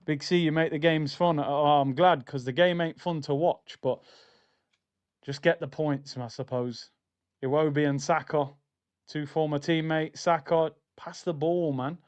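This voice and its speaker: A man's voice: on the high side, fairly even intonation, a little slow, a little mellow, clean tone. A young man hosting a live football watchalong, talking in slangy, exasperated banter about the match.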